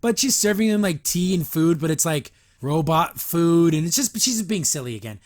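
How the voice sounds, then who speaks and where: Reviewer: man with a high-pitched voice, casual and sarcastic, recapping an episode. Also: expressive, moderate pace. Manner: sarcastic, rambling asides. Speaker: show reviewer. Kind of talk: casual reaction commentary.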